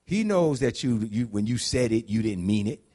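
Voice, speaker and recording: A man preaching a conversational sermon, dropping to low murmurs and climbing to high shouts. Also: animated, moderate pace. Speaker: pastor.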